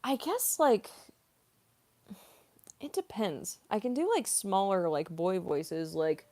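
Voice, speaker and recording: A woman's voice: medium pitch, sing-song, slow, pauses often, darkish tone. A young woman, a voice actress, chatting casually on a livestream as she answers viewer questions. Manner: chatty, giggly, heavy on "like". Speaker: voice actress, streamer.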